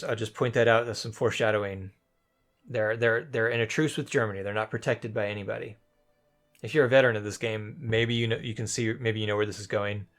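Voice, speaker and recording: A young man talks over a recording of his own game, unsure and meandering, trailing off and circling back. His voice carries a slight vocal fry at a middling pitch. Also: a bit bright. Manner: rambling, hesitant, thinking aloud with frequent restarts. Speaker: let's play commentator. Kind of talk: casual gameplay commentary recorded after the fact.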